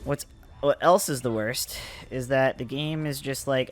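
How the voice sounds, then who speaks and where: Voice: medium pitch, a little slow. A game streamer with a Texan accent, swearing and joking sarcastically while playing. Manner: profane, sarcastic, laughing asides. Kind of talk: casual gameplay commentary.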